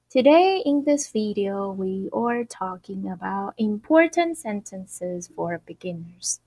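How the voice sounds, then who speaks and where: A woman teaching an online Mandarin lesson, who explains cheerfully and repeats phrases slowly. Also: mid-range voice, expressive, mellow, husky. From Taiwan.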